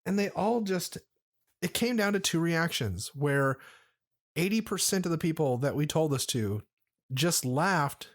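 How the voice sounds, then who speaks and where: A man with a somewhat high voice hosts a casual podcast, rambling through a story with plenty of swearing. He talks loosely and lazily while he drinks, drifting off point and circling back. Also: expressive, a little slow. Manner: rambling, profane, laid-back. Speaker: podcast host.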